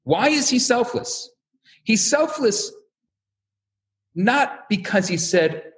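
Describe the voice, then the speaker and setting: A man's voice: very high voice, takes it slowly, long pauses. A man giving a religious lecture as a rabbi, telling stories and acting out the quotes. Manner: animated storyteller who acts out quotes.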